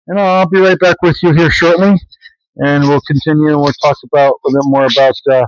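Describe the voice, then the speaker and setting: With a fairly high, steady voice, a man vlogs briskly from his homestead's farm yard while animals are around. He rambles casually, using many fillers and restarting sentences, and the recording has no room sound but its highs are cut off.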